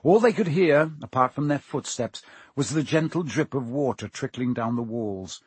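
Husky man reading an audiobook. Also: mid-range voice, normal speed, dry recording. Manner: expressive, dramatic pacing. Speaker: narrator.

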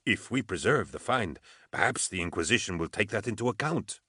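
A man voicing a fussy, anxious male scholar who pleads plaintively and rises into shrill protest. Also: animated, fairly quick, bright, forceful tone, husky, no echo, clean studio sound, exaggerated voice. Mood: pleading.

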